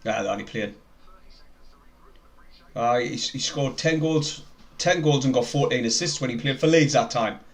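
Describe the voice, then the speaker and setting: A young man with a broad North East English accent commentates on a football match live for his viewers. He talks in a loose, chatty way, gets excited about the play and reads out viewers' names. His voice sits at an ordinary, middle pitch. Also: normal speed, long pauses. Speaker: fan live-streamer.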